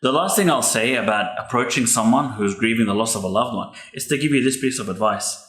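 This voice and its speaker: A pastor's son hosts a podcast, offering earnest, heartfelt advice about grief. His mid-range voice is fairly bright and brisk, and the recording has an echoey room sound.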